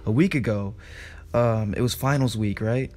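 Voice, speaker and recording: Young man telling a story, animated. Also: mid-range voice. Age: young adult. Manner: animated, laughing, swearing, quick asides. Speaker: podcast co-host. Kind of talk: casual storytelling chat.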